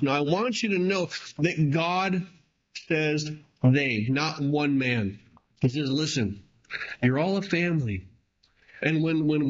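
A man preaching a sermon, reading scripture and retelling it in his own plain words, with emphatic swings between raised and hushed delivery. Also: on the high side, lo-fi sound. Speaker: pastor.

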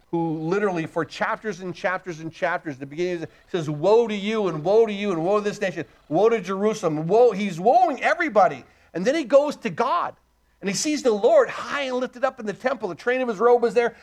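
A man preaching a sermon, reading scripture and asking the congregation emphatic rhetorical questions. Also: high voice. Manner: emphatic preaching, asks the crowd rhetorical questions, swings loud and soft. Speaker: pastor.

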